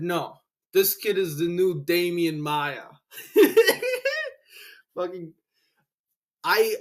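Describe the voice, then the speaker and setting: A young man hosting a casual solo reaction to fight results, excitable and full of slang and swearing, a bit out of breath. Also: high-pitched. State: breathing heavily. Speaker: MMA reaction host.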